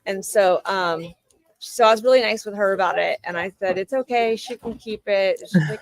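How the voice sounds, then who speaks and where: A woman in her thirties rambles through a personal story on her livestream, switching into the voices of the people she quotes. Her voice has a gravelly, creaky texture at a middle pitch. The sound is dry and close, with almost no room around it. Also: steady tone, normal speed, no room sound, low-quality recording. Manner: rambling anecdote told with quoted back-and-forth dialogue. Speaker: livestream host. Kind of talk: casual storytelling chat.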